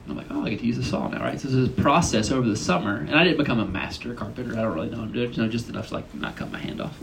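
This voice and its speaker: Young male retreat speaker, relaxed conversational sermon, gravelly tone, slight background noise. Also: medium pitch, low-quality recording. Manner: chatty, asks the audience questions.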